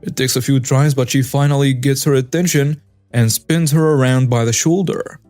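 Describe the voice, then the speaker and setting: A man's voice: mid-range voice, fairly even intonation, moderate pace, a little mellow, no echo. A man narrating a customer-service story in a wry, conversational way. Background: faint background music.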